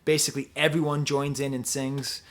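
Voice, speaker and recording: A man's voice: mid-range voice, level tone, moderate pace. A man casually reviewing a concert video song by song, rambling and often breaking off mid-sentence. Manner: rambling, digressive, self-interrupting. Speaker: music reviewer.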